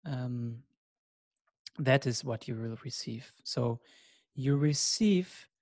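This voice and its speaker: A man gives a course lesson at an unhurried, deliberate pace. His voice sits at an ordinary pitch and is recorded dry and close, with no room echo. He sounds measured and reflective and invites listeners to join in. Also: darkish tone. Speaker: course teacher. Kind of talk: recorded lecture.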